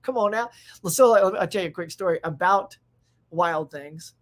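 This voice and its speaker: Man doing excitable pop culture stream host, rambling chat with lots of restarts. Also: sits high, moderate pace. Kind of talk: casual live-stream chat.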